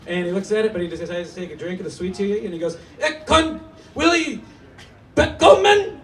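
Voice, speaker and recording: A man in his thirties performing a stand-up comedy set in a small cafe, telling stories in a mock-serious, animated way, with laughter behind him. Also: high voice, rapid-fire. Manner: animated, mock-serious storytelling with put-on voices. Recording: distant mic with noisy room. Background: audience laughter.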